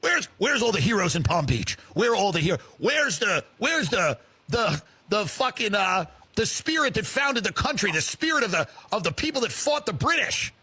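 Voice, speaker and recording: Ranting man with a husky high voice. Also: big pitch swings, normal speed. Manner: loud swearing rant, acts out rich people in mock voices. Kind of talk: comedic rant.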